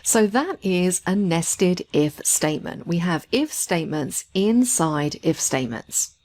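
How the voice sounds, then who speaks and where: Woman, spreadsheet tutor, animated intonation, lowish voice, methodical explaining. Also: a little slow. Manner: clear, methodical step-by-step explaining. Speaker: spreadsheet instructor. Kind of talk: screen-recorded software tutorial.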